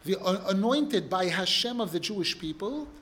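A man's voice: high voice, animated, moderate pace, a bit bright. A man teaching a religious text class, who reads passages in Hebrew and then explains them with rising emphasis. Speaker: Torah teacher.

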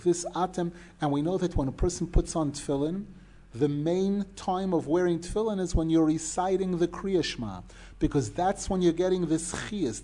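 A man's voice: sits high, warm tone. A man teaching a Torah class, explaining step by step, stressing key words and posing rhetorical questions.

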